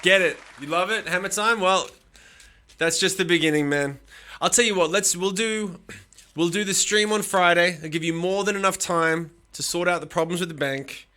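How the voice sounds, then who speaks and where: A man's voice: high-pitched, moderate pace, pushed and bright. A man hosting a live stream, chatting casually with his viewers, swearing often and teasing them with bursts of laughter.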